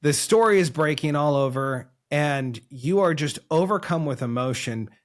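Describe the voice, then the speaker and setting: Male podcast host, a bit high pitch, admiring, halting phrasing, interview questions. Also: animated. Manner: admiring, searching for words.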